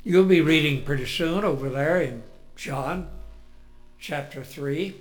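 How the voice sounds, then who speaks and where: A man preaching a sermon in an earnest way, moving between loud emphasis and hushed words. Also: fairly high pitch, unhurried, soft background music.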